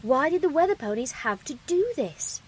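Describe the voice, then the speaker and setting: A woman reading a fan story aloud as the narrator, with expressive delivery. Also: high voice, normal speed, slight background noise, rough recording.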